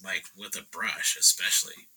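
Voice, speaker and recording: A man's voice: low voice, steady tone, normal speed, sharp tone, slightly rough, low-quality recording. A man in a casual chat, telling stories in a laid-back way, laughing and acting out what people said. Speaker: painter guest.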